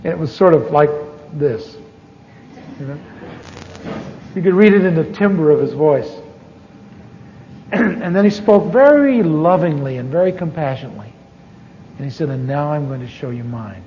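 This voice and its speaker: A middle-aged American preacher with a fairly high voice tells his own story from the pulpit, stopping and starting as he plays out each conversation. The sound is muffled and old, with long reverb from a big church hall. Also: expressive, warm tone, a little hiss or hum. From United States. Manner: storytelling, acting out dialogue with halting restarts. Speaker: pastor. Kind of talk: sermon testimony.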